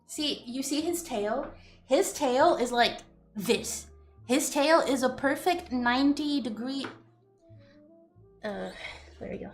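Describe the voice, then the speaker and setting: A woman's voice: high voice, slow pace, long pauses, soft background music. A young woman streaming from home, chatting casually and gushing in giggly baby talk to her cats.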